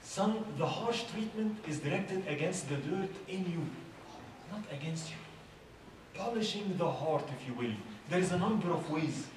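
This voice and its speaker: A middle-aged man gives a relaxed religious talk, firing off rhetorical questions. His voice sits a little high for a man. It comes from a distance through a very echoey hall with a clear bed of noise behind it. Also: normal speed. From Egypt. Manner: conversational, asks many rhetorical questions. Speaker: youth speaker. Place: large hall at a religious youth event. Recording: echoey hall, far from mic, background noise.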